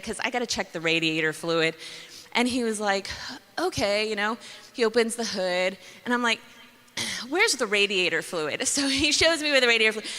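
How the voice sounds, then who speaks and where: Young woman storyteller, bright voice with a lively swooping pitch, acts out her own lines, heard in a big echoing hall. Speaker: speaker. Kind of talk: storytelling talk to an audience. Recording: long reverb of a large hall.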